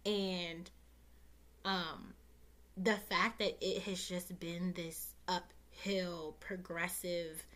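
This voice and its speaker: A woman's voice: lowish voice, little pitch movement, very slow. Young woman podcast host, casual and heartfelt, near tears, talks right to her listeners. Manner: emotional, close to tears, talks warmly and directly to listeners with many fillers.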